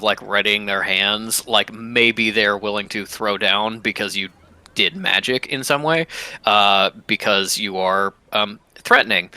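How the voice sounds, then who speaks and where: A man narrates as game master in a tabletop game. His voice is low-pitched but bright and forceful. He speaks haltingly, with frequent ums and restarts. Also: clean tone, dry recording. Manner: hesitant, full of ums and restarts.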